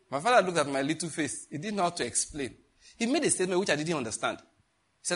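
A man's voice: a little high, lively intonation, fairly quick, long pauses, a bit bright. A middle-aged man, teaching a sermon in a conversational, joking way and asking the congregation questions. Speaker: pastor.

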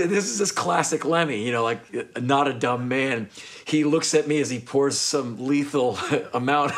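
Guy telling a wild tour story, acts out all the voices, gets loud on the punchlines. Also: medium pitch. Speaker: interviewee in a documentary. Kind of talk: animated anecdote.

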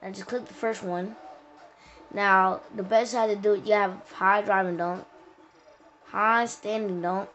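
A woman hosts a casual game walkthrough, rambling along with plenty of slang and self-corrections. Her voice sits at an ordinary middle pitch. The recording sounds dull and lo-fi, with a faint hiss underneath. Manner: rambling, slangy, with many restarts. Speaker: gaming tutorial host.

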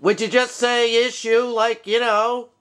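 A man's voice: extremely high pitch, level tone, unhurried, fairly bright tone, clean tone. A man playing the straight man in a comedy skit, correcting and needling with an exasperated tone. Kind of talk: comedy banter.

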